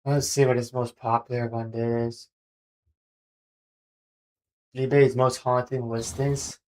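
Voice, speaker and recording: A man streaming live, talking with a mid-pitched, everyday voice. He is crude and mocking, and he swears often as he reacts. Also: level tone, slow pace, darkish tone. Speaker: livestreamer. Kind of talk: casual chat.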